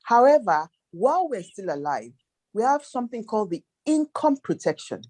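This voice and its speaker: A woman's voice: mid-range voice, big pitch swings, normal speed, a little mellow. A woman guest, a financial planner, giving emphatic advice in a panel chat, running through percentages and firing off rhetorical questions. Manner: emphatic, lists figures, asks rhetorical questions. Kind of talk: advice talk.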